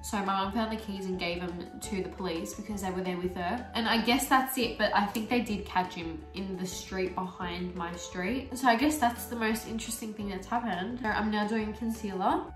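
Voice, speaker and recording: A young woman in a casual get-ready-with-me chat, talking about her day between makeup steps and leaning on "like" as she goes. She sounds some way from the mic in an echoey bedroom, and soft music plays underneath. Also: mid-range voice, moderate pace, few pauses. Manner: chatty, full of "like" fillers, lively storytelling. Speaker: beauty vlogger. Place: small bedroom filming setup. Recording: roomy echo, mic at a distance, soft music.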